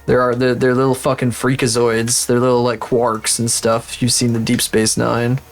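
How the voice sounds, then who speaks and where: A man chatting casually on a livestream while he works, ranting and swearing often in an animated way. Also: mid-range voice, moderate pace, soft background music. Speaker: streamer.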